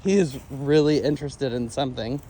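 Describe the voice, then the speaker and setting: A man working as a dog trainer, talking casually through a training walk outdoors on a trail and breaking into high sing-song praise for the dog. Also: a little fast, dark tone, slight background noise. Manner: laid-back, chatty, laughs often. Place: outdoors on a wooded trail near a creek.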